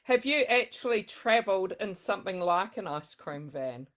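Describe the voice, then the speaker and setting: Book club host reading viewer questions. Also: female voice, medium pitch, animated, moderate pace, fairly bright tone. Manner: reads out audience questions, laughs often. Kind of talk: casual interview chat. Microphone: video call.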